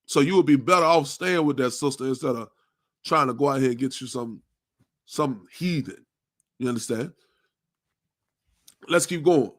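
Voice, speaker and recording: A man teaching a Bible class in a forceful preaching style, asking rhetorical questions and ending nearly every sentence with "man" or "you understand?". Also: mid-range voice, moderate pace, long pauses, no echo, clean studio sound.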